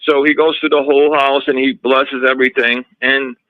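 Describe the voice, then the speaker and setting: A man's voice: medium pitch, normal speed, no echo. Guy telling his story on an interview show, keeps restarting and acting out what people said, kinda muffled lo-fi sound. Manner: animated storyteller, frequent restarts and retold dialogue. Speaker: guest recounting a haunting in his home. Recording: slightly dull lo-fi audio.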